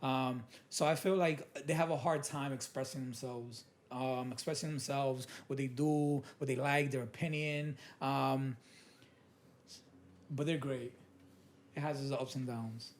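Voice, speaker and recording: A man's voice: medium pitch, steady tone, a little slow. A man, a podcast guest telling stories in a loose, rambling way full of fillers and restarts. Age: late 20s. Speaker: guest, program supervisor in education. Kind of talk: casual podcast chat, storytelling.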